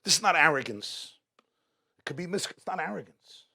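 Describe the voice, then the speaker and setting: In a community event hall, a man speaking at a religious gathering gives an inspirational talk at a normal speed. His fairly high voice is creaky, husky, bright, and forceful, with lively intonation, and he repeats rhetorical questions for emphasis.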